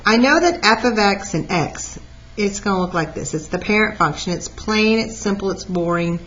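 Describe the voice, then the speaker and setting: Lively woman teaching math, lo-fi. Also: medium pitch, normal speed, a little hiss or hum. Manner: lively, talks through steps aloud. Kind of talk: recorded math lesson. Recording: dull lo-fi recording.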